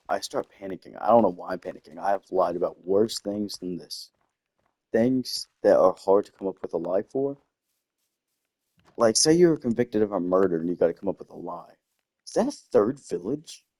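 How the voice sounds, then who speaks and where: A man's voice: lowish voice, a little mellow, dry recording. A young man telling a personal story casually while playing a game, often breaking off to comment on what he finds. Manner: rambling, self-interrupting with game asides. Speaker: gaming storyteller. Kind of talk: casual storytelling over gameplay. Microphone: desktop microphone.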